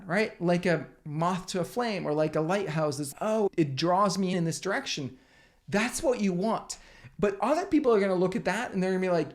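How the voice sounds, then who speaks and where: A man hosting his channel as a business coach, giving an energetic, emphatic motivational talk to camera with casual swearing. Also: high voice, moderate pace.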